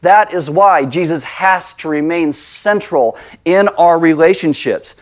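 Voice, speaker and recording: A man delivers a sermon as a pastor, his voice sitting a touch higher than most men's. He preaches conversationally and slips into lively acted-out voices when he tells a story. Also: unhurried.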